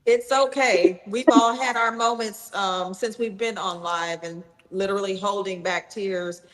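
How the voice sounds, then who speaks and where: A woman's voice: medium pitch, steady tone, measured pace, big-room sound, poor audio. A woman hosting a live online book promotion, upbeat and encouraging as she urges viewers to buy. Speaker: livestream host.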